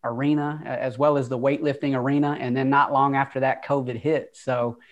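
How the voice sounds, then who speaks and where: A man's voice: mid-range voice, flat delivery, a little fast, dull audio. A man in his twenties from Atlanta with a Southern accent, telling his life story earnestly as an interview guest. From Atlanta, USA. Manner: open, earnest, conversational with fillers.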